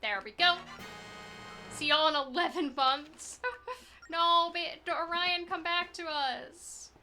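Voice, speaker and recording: Bright, high-voiced chatty woman streamer. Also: slow, faint music behind. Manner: chatty, rambling, reads and answers chat; self-deprecating, giggly. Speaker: speedrunner streaming a run. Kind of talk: casual live gameplay commentary.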